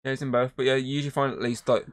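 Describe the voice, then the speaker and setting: A man's voice: medium pitch, rapid-fire. Rambling, swearing man. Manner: rambling, swears a lot, animated retelling. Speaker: podcast host. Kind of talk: casual movie review chat.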